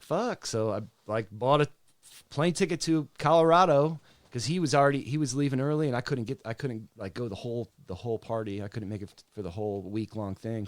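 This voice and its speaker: A man's voice: medium pitch, clear, resonant tone, no echo. A man who writes and sings his own songs, a podcast guest telling a story in a laid-back, casual way and swearing freely. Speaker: guest singer-songwriter.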